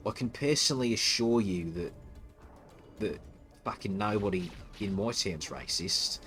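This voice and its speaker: A man's voice: low-pitched, normal speed, a bit bright, faint music behind. A man streaming live, ranting with open contempt and falling into frequent stuttering restarts.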